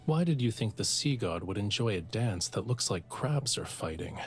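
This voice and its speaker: A man's voice: lowish voice, expressive, moderate pace. An actor voicing a playful young male sea god, a merman who banters easily in a game. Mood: teasing. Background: faint game music.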